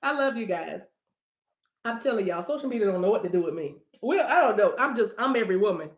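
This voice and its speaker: A woman's voice: medium pitch, lively intonation, quick pace, reverberant. A woman reading cards on a livestream, talking casually and playfully to her viewers and breaking into song now and then. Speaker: livestream card reader.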